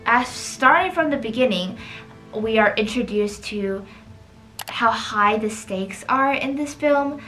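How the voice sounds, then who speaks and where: Over soft background music, a woman with a mid-range voice talks through a film while drawing, filling nearly every line with "like." She's a chatty art vlogger, and the recording quality is poor.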